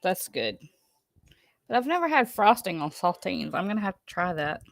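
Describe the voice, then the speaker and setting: A woman's voice: fairly low pitch, big pitch swings, moderate pace, gravelly, no room sound. A woman with a Southern Alabama accent, hosting a livestream and chatting casually as she reads viewer comments, playful and laughing at herself. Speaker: livestream host.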